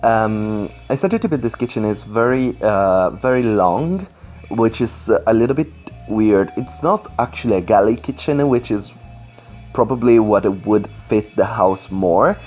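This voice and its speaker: Rambling man with a low voice. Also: animated, measured pace, darkish tone, soft background music. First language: not English. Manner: rambling, many fillers and restarts, apologetic. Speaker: Sims speedbuild commentator. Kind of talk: casual voice-over commentary. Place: indoors at home, computer on lap.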